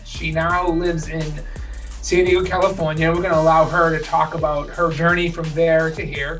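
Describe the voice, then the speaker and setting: A man's voice: fairly high pitch, a bit bright. A man hosting a podcast, introducing his guest with rambling, filler-heavy sentences. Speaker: podcast host. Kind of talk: podcast interview. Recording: distant mic with faint music.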